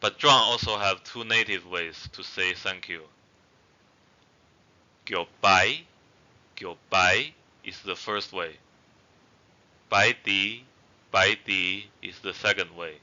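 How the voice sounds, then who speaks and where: Slow, bright-toned man teaching a language. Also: sits low, steady tone, highs cut off. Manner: explains patiently with fillers, repeats example words twice. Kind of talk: online language lesson.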